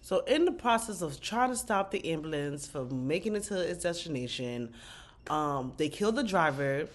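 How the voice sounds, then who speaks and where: A woman with a slightly low voice chats through a TV episode recap in a loose, casual way. She is slangy and profane, and her disbelief keeps breaking out in exclamations. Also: animated, normal speed. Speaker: TV recap vlogger.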